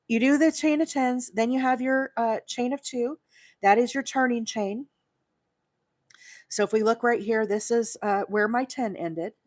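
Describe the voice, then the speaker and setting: A woman's voice: mid-range voice, no room sound. Woman from Alabama, crochet livestream host, loose self-mocking chatter, dry close mic. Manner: chatty and self-deprecating, with many fillers and asides to viewers. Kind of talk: casual live crochet tutorial.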